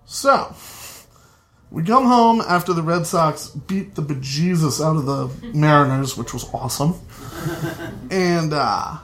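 A young man tells a family story live, chatty and quick to laugh at his own lines. He takes his time, with long unhurried stretches between his points. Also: a little high, fairly bright tone.

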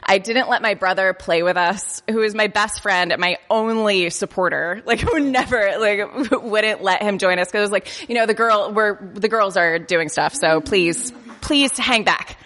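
A woman in her late twenties telling a funny personal story to a live audience, halting and self-deprecating, often stumbling over her words and laughing at herself. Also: medium pitch, fairly bright tone, in a large hall. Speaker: live storyteller on a comedy podcast. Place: comedy festival venue.

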